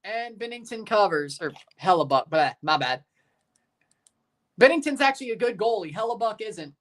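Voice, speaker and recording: A woman hosting a live hockey watchalong, giving relaxed play-by-play, answering chat questions and erupting into shouts on goals. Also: medium pitch, normal speed. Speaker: livestream host.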